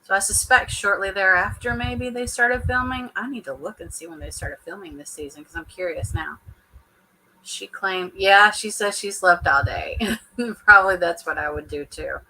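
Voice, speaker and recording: A woman talks straight to her viewers in a loose, casual reaction chat. Her voice is bright and forward, and she laughs often between remarks. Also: fairly low pitch, rough recording. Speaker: reality TV reaction vlogger.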